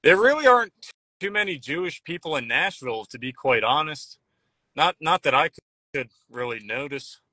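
A man chatting casually as a guest, rambling and halting with frequent restarts. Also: a little high, animated, pushed and bright, no room sound. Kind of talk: casual chat. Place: Nashville.

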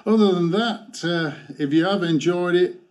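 A man giving a motorcycle gear review in a vlog, ranting with exasperation and halting restarts. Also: high-pitched.

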